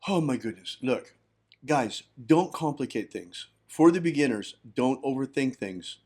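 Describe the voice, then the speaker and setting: A man's voice: medium pitch, expressive, a little slow, a little mellow. A man hosting a livestream and giving firm, instructive teaching on ritual practice. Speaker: host, magick teacher.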